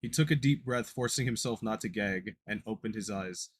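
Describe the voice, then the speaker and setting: A man reads a horror story aloud on a podcast in an unpolished, casual way, often tripping on words and starting them over. His voice is on the low side and husky. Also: moderate pace. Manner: stumbling, self-correcting reading. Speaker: podcast co-host reading a creepypasta.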